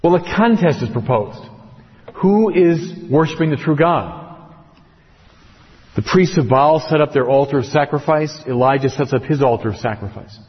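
Guy preaching in a big echoey church, lively pitch, kinda muffled sound. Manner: animated storytelling, dramatic pauses and slowed emphasis. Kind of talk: sermon. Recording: muffled with long hall reverb.

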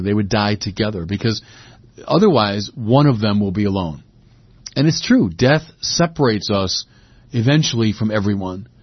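Male preacher, husky and dry, lo-fi recording; reflective sermon with emphatic swells. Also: fairly low pitch, no echo.

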